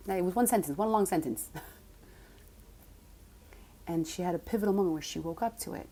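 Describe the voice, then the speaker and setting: A woman coach telling a personal story in a casual monologue, animated and at times dropping to soft whispered mantras. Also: lowish voice, a little fast, a little hiss or hum. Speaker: spiritual coach.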